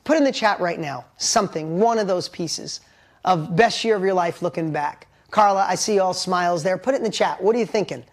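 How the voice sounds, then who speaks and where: A man coaching a live online workshop, talking in an energetic, emphatic way and reading viewers' messages aloud. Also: sits high, fairly quick. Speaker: motivational coach.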